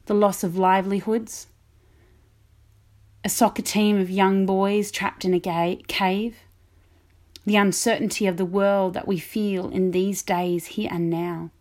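A woman vicar delivers a sermon in a reflective, measured way. Her voice sits at an ordinary middle pitch for a woman, and she preaches with calm, deliberate pacing.

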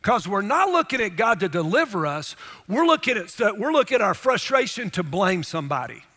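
A man preaching with an emphatic delivery, throwing rhetorical questions at his listeners. His voice sits high and sounds bright, and a long reverb trails behind it. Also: very animated, fairly quick. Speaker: pastor. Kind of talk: sermon.

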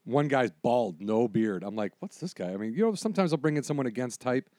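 A man telling casual anecdotes, doing loud impressions of the people in them. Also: medium pitch, dry recording. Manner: fast, lively storyteller doing loud impressions.

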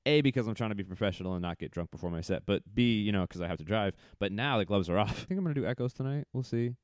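A man, a stand-up comedian guesting on a podcast, chatting casually, laughing often and jumping into lively voices when he tells stories. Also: lowish voice, rapid-fire, no room sound, studio quality. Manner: laughs often, storytelling with lively put-on quotes. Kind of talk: casual chat.

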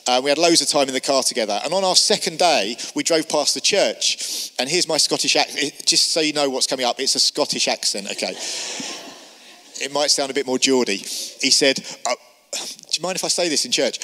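Bright preacher, echoing hall. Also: male voice, a little high, a little fast. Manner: lively storyteller, quotes people in character. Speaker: pastor. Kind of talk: sermon with storytelling. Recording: long church hall reverb.

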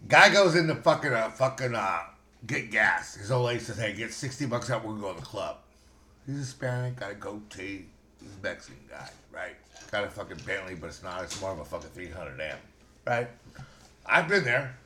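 A man's voice: on the low side, expressive, moderate pace, pushed and bright, echoey room, a little hiss or hum. A middle-aged man hosting a podcast, rambling and brash with constant swearing in casual banter and storytelling. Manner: brash, heavily profane, rambling.

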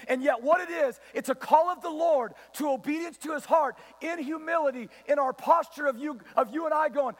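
A man's voice: very high voice, a little fast, hardly any pauses, long reverb tail. A man preaching a sermon as pastor, emphatic, acting out quoted voices and putting questions to his listeners. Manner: emphatic, rising and dropping sharply for effect; acts out quoted voices and asks the crowd questions.

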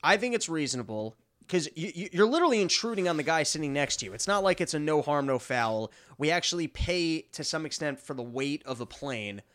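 Guy chatting on a podcast, lively storytelling, kinda high voice. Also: fairly quick, few pauses. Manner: animated storytelling, laughing often. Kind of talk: casual chat.

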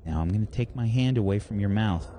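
A man's voice: on the low side, quick pace, warm tone, slight background noise, natural voice. A man voicing an unhinged young male killer who snarls threats. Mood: menacing.

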